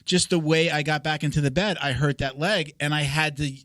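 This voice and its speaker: A man in his forties hosts a podcast and tells rambling stories, often restarting his sentences. His voice sits a little higher than most men's. The sound is dry and close, with no room echo. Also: fairly even intonation, brisk, fairly bright tone. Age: 40s. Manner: rambling, storytelling, frequent restarts. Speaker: podcast host. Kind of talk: casual podcast conversation.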